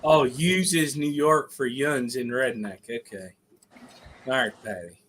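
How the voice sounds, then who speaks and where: A man's voice: mid-range voice, takes it slowly, fairly bright tone, slight background noise. Wisecracking man, blunt and teasing. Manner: wisecracking and blunt, with casual swearing. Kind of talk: casual chat.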